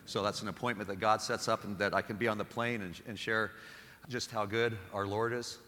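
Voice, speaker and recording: Lively, humorous Catholic priest preaching. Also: male voice, lowish voice, a little fast, big-room sound. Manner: animated storytelling with self-deprecating humor. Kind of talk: homily.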